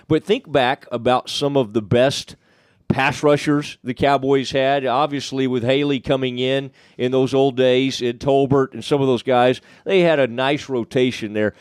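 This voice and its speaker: A male podcast host chatting casually about his team, wandering through his points with many restarts. His voice sits at an ordinary middle pitch, and the sound is close and dry with no room around it. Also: darkish tone, no room sound. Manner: rambling, restarts and trails off mid-thought. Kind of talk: casual sports podcast chat.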